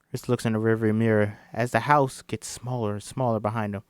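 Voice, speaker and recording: A man's voice: on the low side, steady tone, fairly quick, hardly any pauses, smooth, no echo, clean studio sound. A man reading a film script aloud in a casual way, often stumbling, correcting himself, and apologizing. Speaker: script reader.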